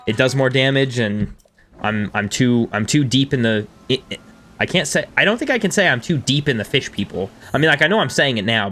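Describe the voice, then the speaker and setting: A man in his thirties streaming a game and chatting with his viewers in a casual, self-deprecating way, with quiet music underneath. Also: medium pitch. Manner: chatty and self-deprecating, reading chat aloud. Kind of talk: casual live-stream chat over gameplay.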